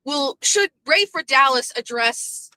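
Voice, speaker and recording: A woman host chatting casually while driving, telling a story in a punchy, profane, animated way. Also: high voice, slow, rough recording. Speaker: vlogger and show host. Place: in a car. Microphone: phone in a dashboard holder.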